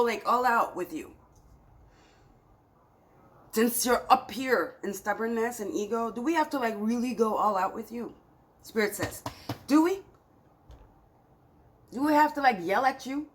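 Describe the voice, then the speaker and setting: A woman's voice: a little high, poor audio. A woman doing a tarot reading, talking straight at her viewers in an emphatic, scolding way. Her frustration comes through, and at times she turns to pleading. A faint hiss runs under her voice. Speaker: tarot reader. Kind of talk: spiritual reading to camera.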